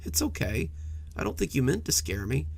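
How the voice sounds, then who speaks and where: A man's voice: medium pitch, very animated, moderate pace, creaky, darkish tone, slightly rough, full character voice. A man voicing a young boy in bed at night, earnest and a little stammering. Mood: reassuring.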